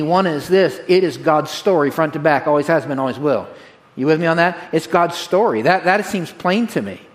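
A male pastor preaching to his congregation with energy and a folksy, conversational touch. His voice sits a little higher than most men's, and he circles back to drive his main points home. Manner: energetic, direct, repeats key phrases to a congregation. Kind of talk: sermon.

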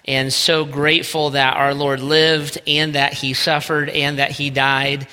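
A man's voice: fairly high pitch, level tone, unhurried, bright, forceful tone, smooth. A man in his forties, a pastor giving a folksy, self-deprecating sermon with a personal story in a church sanctuary. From Northeast Ohio. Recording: long hall reverb.

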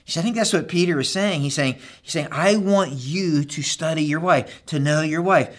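A middle-aged man preaching with a voice a little higher than most men's. He talks straight to the men in front of him. He swings from loud, rising calls to quiet, intimate asides. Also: normal speed. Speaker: pastor. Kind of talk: sermon.

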